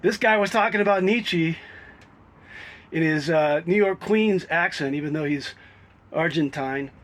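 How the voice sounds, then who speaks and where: A travel vlogger rambles and reflects casually from the road, laughing now and then, first outdoors and then inside his vehicle on a cold morning. His voice is on the high side and fairly bright, and he takes his time.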